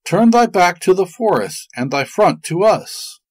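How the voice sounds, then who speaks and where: Two timid orphan children calling out in shrill, polite voices, as a male storyteller puts them on. The pitch climbs high and the voice has a husky edge. The sound is dry and close. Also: big pitch swings, unhurried, a little mellow, no echo, full character voice, poor audio. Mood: pleading. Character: young orphan boy and girl, polite and timid.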